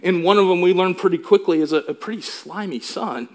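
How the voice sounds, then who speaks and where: A man's voice: high-pitched, fairly quick, hardly any pauses, darkish tone. A male pastor delivering a sermon in an emphatic way, asking the congregation questions. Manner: emphatic, asks the room questions.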